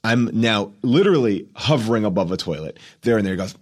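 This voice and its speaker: Low-voiced man telling animated stories. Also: quick pace, hardly any pauses. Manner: animated storyteller, acts out dialogue. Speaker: guest. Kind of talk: casual anecdote telling.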